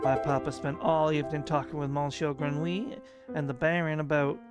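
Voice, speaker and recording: This is a sheltered young bird lady of high birth, chatty and innocent. A man performs her with a thin French accent, reading a game's script over loud music behind. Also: level tone, brisk, natural voice. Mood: naive, chatty. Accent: put-on French. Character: young noble bird lady, sweet and naive.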